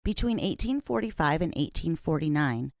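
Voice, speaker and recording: A woman host reading scripted documentary narration in a measured, serious way. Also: low-pitched, animated, gravelly, no echo, studio quality.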